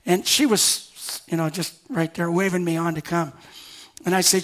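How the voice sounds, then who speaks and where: A man's voice: high voice, normal speed, fairly bright tone. A male pastor preaching a sermon, reading scripture and breaking into conversational asides with sudden emphatic rises.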